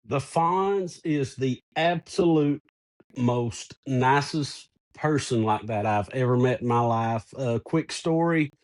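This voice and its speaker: A middle-aged man co-hosting a casual podcast, telling a personal story in an animated way. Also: mid-range voice, takes it slowly. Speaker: podcast co-host.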